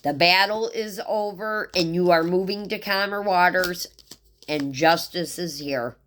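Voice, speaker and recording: Low-voiced woman reading tarot. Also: a little slow, a bit bright, slight background noise. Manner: rambling, heartfelt, talks straight to viewers. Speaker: tarot reader. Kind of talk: casual tarot reading vlog.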